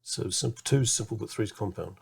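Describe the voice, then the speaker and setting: A man taking a piano lesson who answers in quick, hesitant short replies. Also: on the low side, gravelly, breathy edge. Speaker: piano student. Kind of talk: casual lesson talk.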